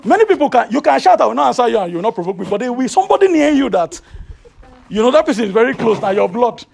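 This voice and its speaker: A man with a Nigerian accent preaching a sermon, telling a personal story in an animated, rising voice. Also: very high voice, rapid-fire, creaky, slight background noise. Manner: animated, rises to loud excited storytelling.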